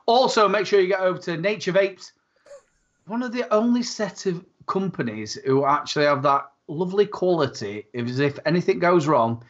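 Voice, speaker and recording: A chummy man rambles through friendly banter on a livestream. His voice sits a bit high. The audio is dull and lo-fi. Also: expressive, normal speed. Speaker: guest streamer. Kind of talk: casual chat.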